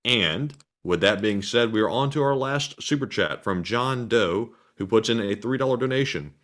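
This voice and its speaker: A man co-hosting a livestream, reading out viewer donations and questions in a plain, steady way. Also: fairly low pitch, normal speed. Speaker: co-host reading super chats.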